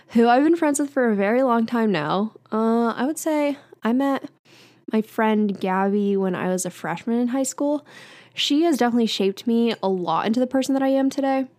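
A young woman hosts her own podcast solo, chatting casually and candidly with lots of fillers and light laughter. Her voice is medium in pitch, and there's no room sound.

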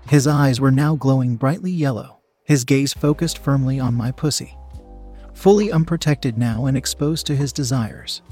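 A man narrating a story in a steady, even reading voice. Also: mid-range voice, slightly rough. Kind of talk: audiobook-style story reading.

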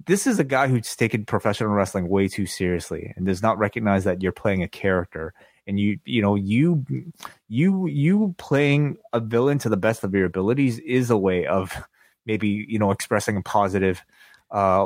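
A man's voice: lowish voice, normal speed, dry recording, studio quality. A man co-hosting a wrestling podcast, talking casually, agreeing readily and rambling with restarts. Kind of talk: casual chat.

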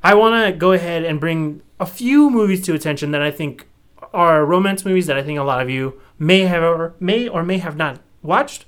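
Young man chatting casually, slightly higher pitch. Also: normal speed, a bit bright, clear, resonant tone. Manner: rambling, opinionated, frequent "like" fillers. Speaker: podcast co-host. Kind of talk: casual chat.

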